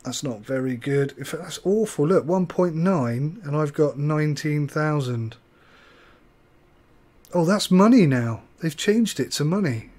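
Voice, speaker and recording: A man's voice: a little high, lively intonation, measured pace, a little mellow. A man hosting a let's play, chatting and joking his way through a bus driving game. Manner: chatty, joking, self-deprecating. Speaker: gaming channel host.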